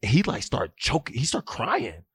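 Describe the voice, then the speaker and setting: Animated man telling coaching stories, dry mic. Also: medium pitch, normal speed, breathy edge, no echo. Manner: animated, acts out dialogue in his stories, filler-heavy. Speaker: youth football coach and guest. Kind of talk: casual interview storytelling.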